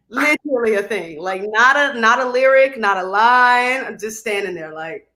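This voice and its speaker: A young woman from Chicago, a musical theatre actress, chatting in an interview, animated and laughing as she demos vocal exercises. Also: a little high, unhurried, roomy sound. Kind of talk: casual video interview.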